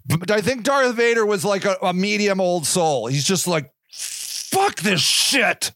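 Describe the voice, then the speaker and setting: Rambling high-voiced male podcaster. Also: normal speed, no room sound. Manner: rambling, profane, self-interrupting. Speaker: podcast host. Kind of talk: rambling solo podcast monologue.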